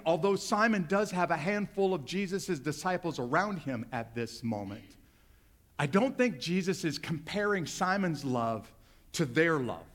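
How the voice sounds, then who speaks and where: A male pastor preaching a sermon, talking directly and conversationally to his congregation. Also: on the high side.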